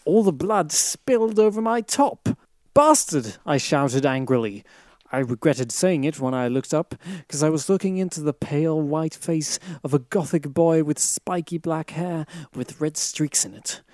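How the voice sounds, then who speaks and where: A man's voice: a little high, moderate pace, hardly any pauses, a little mellow, no room sound. A man giving a comic, mock-earnest reading of a fan fiction, close to the mic. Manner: mock-earnest, breaks into laughter. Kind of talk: comic dramatic reading aloud.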